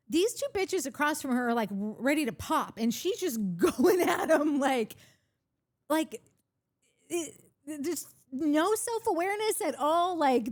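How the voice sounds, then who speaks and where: Higher-pitched woman podcaster, gossipy, keeps quoting what people said. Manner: gossipy, retells scenes with quoted lines. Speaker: podcast co-host. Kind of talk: casual chat.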